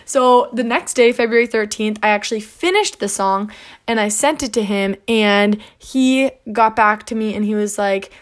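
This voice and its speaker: A woman's voice: mid-range voice, moderate pace. A young woman hosting a podcast, chatting casually and acting out back-and-forth dialogue, with lots of "like". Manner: chatty, peppered with "like", acts out quoted dialogue. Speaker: podcast host. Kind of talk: casual storytelling monologue.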